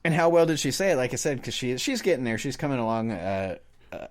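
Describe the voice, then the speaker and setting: A man's voice: mid-range voice, expressive, fast. Rambling man co-hosting a podcast. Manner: rambling, self-deprecating, laughs often. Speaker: podcast co-host. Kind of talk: casual chat.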